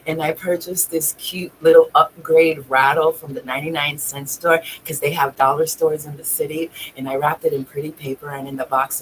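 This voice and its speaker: A woman with a deep voice tells a personal story on her vlog, recorded with poor audio and slight background noise. Her telling is raw and emotional, she swears freely, and at times she's near tears.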